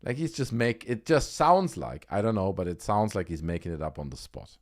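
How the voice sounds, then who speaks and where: A man's voice: lowish voice, sing-song, fairly quick. A man hosting a livestream, giving casual, sarcastic commentary and swearing freely. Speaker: livestream host.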